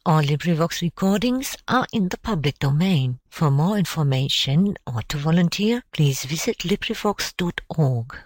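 A woman reading an audiobook in a measured, expressive way. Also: sits low, no echo, low-quality recording. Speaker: audiobook reader. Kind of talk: audiobook narration.

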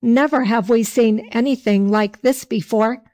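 A woman voicing sly, flattering tavern keepers in slow archaic speech. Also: on the high side, natural voice.

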